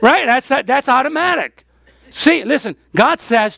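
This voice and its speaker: Woman pastor, sermon delivery, gravelly texture, question-and-answer emphasis, dry close sound. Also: sits high, expressive, unhurried, a bit bright, dry recording. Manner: emphatic call-and-response questions. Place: church.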